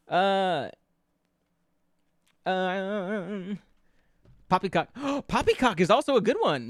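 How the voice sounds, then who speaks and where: Giggly high-voiced male streamer. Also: animated, takes it slowly, long pauses, dry recording, studio quality. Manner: giggly, playful, riffs with chat on lyrics; stammering restarts while brainstorming. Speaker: VTuber streamer. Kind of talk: casual live-stream chat.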